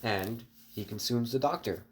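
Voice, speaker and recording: A man's voice: medium pitch, moderate pace, slightly rough. Rambling man telling a story. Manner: rambling, many fillers and restarts, talks to viewers. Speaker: online storyteller. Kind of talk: casual improvised story narration.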